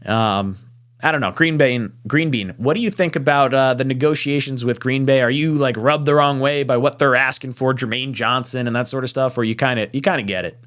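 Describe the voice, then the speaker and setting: A man hosting a live fan podcast panel, reading viewer super chats and chatting casually, with animated swearing asides. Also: medium pitch, brisk. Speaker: podcast host.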